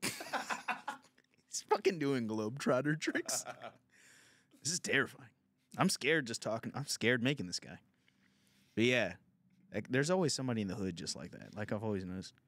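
A man's voice: medium pitch, very animated, moderate pace, long pauses, a bit bright. A man hosting a podcast, telling a crude comedic story in casual talk and laughing often. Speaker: podcast host.

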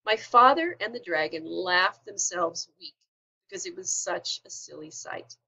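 A woman teacher reading a children's storybook aloud with expressive delivery. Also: lowish voice, measured pace, gravelly, lo-fi sound.

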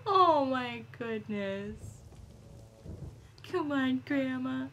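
A woman giving silly, animated let's-play commentary, chatting to the game characters as she plays. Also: a little high, slow pace, pauses often. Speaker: gameplay commentator.

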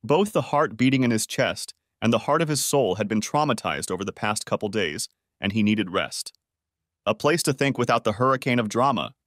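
Male narrator for audiobook reading, steady delivery, lively intonation. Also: lowish voice, a little fast, no room sound, clean studio sound. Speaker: story narrator.

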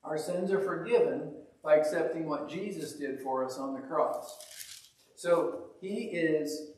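A man with a slightly high voice preaches in a loose, storytelling way and pokes fun at himself as he goes. He sounds as if he is standing well back from the mic. The room gives off a heavy, hollow echo. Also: measured pace. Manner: folksy, self-deprecating, animated storyteller. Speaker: pastor. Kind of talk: conversational sermon with storytelling. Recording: echoey church hall, mic at a distance.

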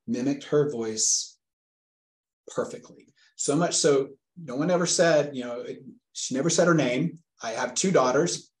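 A man in his forties, a father being interviewed, retelling a frightening phone call earnestly and vividly. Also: mid-range voice. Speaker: guest, a father telling of a scam call. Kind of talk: interview storytelling. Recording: echoey room sound.

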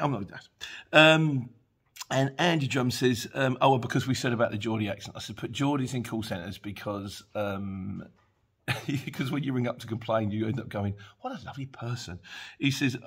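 A man, talking in a loose, rambling way on his vlog. His voice is husky and a bit breathy, and it sits at an ordinary middle pitch. He drifts between stories and viewer comments and laughs as he goes. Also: fairly quick, fairly bright tone. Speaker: courier driver vlogger. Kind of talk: casual chat. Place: dim room at home.

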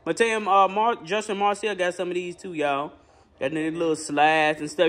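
A man's voice: sits high, steady tone, normal speed, fairly bright tone. A man hosting a family vlog in a playful, chatty way, talking straight to the viewers. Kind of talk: casual vlog chat.

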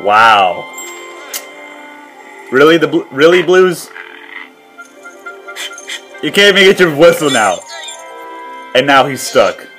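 Slow and sing-song with long pauses, a man's slightly high, fairly bright voice delivers casual reaction commentary on a cartoon. As a reaction video host, he laughs often and says "wow" repeatedly, with music behind him and low recording quality.

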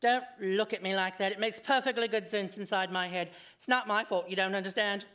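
A woman voicing an excitable, scatterbrained male hatter who rambles from one topic to the next. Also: medium pitch, a little fast, lightly acted. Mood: rambling. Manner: rambling, jumping between topics.

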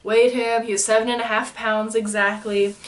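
A woman's voice: fairly high pitch, moderate pace. Woman, twenties, casual storytelling, laughs often, slightly distant mic. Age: 20s. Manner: animated, laughs often, acts out quoted lines. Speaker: vlogger telling her birth story.

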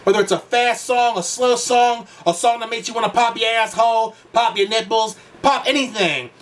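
A man's voice: very high-pitched, moderate pace, distant mic, a little hiss or hum. A man reacting to a pop song in a vlog, gushing, campy and profane, with sudden shrieks. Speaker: music reaction youtuber. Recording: loud song playing behind, voice a bit off-mic. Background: pop song playing.

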